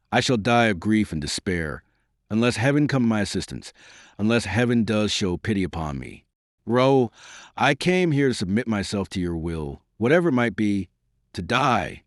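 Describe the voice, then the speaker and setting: A man's voice: lowish voice, animated, normal speed, no echo, clean studio sound, close to an everyday voice. A man voicing a desperate, devoted young woman, pleading through tears in an audiobook reading. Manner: pleading, emotional.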